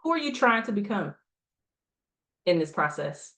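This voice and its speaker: A woman's voice: mid-range voice, very animated, normal speed, a bit bright. Emphatic woman coaching a group. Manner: emphatic, rhetorical questions, repeats lines for effect. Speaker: health coach. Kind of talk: motivational coaching talk.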